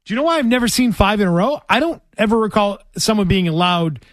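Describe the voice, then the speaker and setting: High-voiced sports radio host. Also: male voice, lively intonation, fast, no echo, clean studio sound. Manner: quizzing, conversational.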